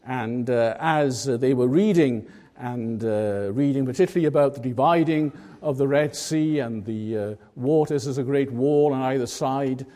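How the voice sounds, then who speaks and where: A man preaching a sermon, telling a story in a measured way and stressing key words with emphasis. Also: mid-range voice, mellow.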